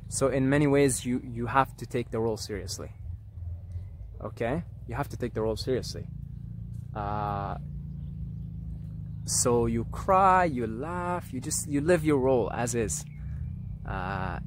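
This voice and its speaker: A vlogger, a man with a medium-pitched voice, thinks out loud in an unscripted monologue, often halting with fillers and restarts. He repeats phrases and sometimes sinks into soft near-whispers, with slight background noise present.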